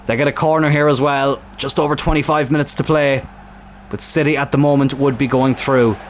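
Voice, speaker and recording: A young man commentates on his own football video game match, getting excited and swearing at the screen through a strained throat. His voice is medium in pitch and brisk, with slight background noise.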